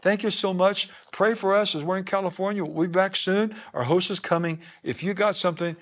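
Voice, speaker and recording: A male pastor delivers a sermon before his congregation in church. His voice sits a little higher than most men's. He preaches with insistent, rhythmic emphasis and keeps returning to the same phrases. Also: steady tone, brisk, fairly bright tone.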